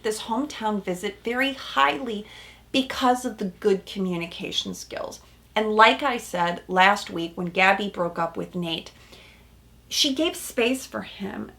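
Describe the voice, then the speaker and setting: A woman therapist hosting a casual recap of a reality show, animated and emphatic, with frequent "right?" asides. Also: a little high.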